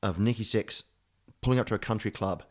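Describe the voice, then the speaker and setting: A man's voice: fairly low pitch, a little fast. Sweary, rambling man. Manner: rambling, swears freely, laughs often. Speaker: podcast co-host telling a story. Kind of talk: casual chat.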